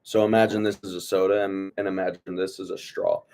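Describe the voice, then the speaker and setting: A man with a lowish voice reads a novel aloud to his book club at an easy pace. He trips over words now and then, backs up to reread, and breaks off for wry jokes. The tone stays loose and conversational. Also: a little fast, gravelly, loud music behind the voice. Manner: relaxed, stumbles and rereads, jokes aside. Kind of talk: casual read-aloud of a novel.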